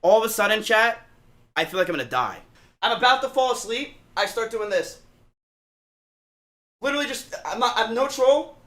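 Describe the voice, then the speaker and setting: A man with a high, bright voice tells a story to his live chat. He swears freely and acts out the other people's lines as he goes. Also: normal speed, pauses often. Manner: animated, profane, acts out quotes. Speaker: streamer.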